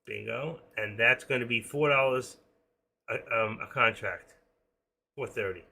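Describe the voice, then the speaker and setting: A man in his sixties, an excitable day trader who rambles through a casual live-stream commentary with pep-talk asides. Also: mid-range voice, measured pace, creaky, slightly rough. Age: 60s.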